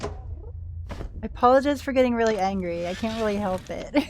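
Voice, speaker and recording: A woman's voice: on the high side, animated, normal speed, a little mellow, a little hiss or hum. A young woman commentating her gameplay casually, grumbling and swearing in frustration. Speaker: gaming streamer. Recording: game music behind voice.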